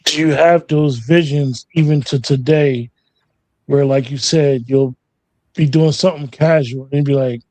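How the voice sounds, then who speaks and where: A male host asks long, searching questions, often starting over partway through. His voice is fairly high for a man, recorded dry and close. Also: steady tone, measured pace, warm tone, no echo. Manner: rambling, restarts questions. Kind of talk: interview questions.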